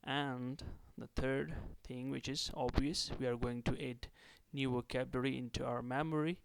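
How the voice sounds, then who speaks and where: A man's voice: medium pitch, steady tone, normal speed, gravelly, clean tone. A man teaching a beginners' language lesson, explaining patiently and repeating words for learners to copy. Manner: explains in English and Hindi-Urdu, drills words by repeating them loudly. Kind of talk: recorded vocabulary lesson.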